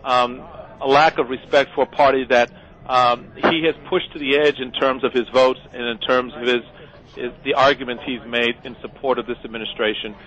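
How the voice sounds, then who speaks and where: A man, a party chairman, answering questions in a TV news interview, indignant but measured, with some fillers. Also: mid-range voice, steady tone, poor audio.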